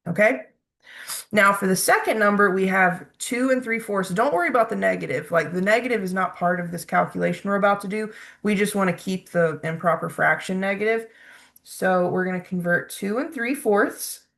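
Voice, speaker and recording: Gravelly-voiced woman teaching math. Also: mid-range voice, moderate pace, a bit bright. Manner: patient step-by-step explaining, frequent "okay?" checks. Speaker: math instructor. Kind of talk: recorded math lecture.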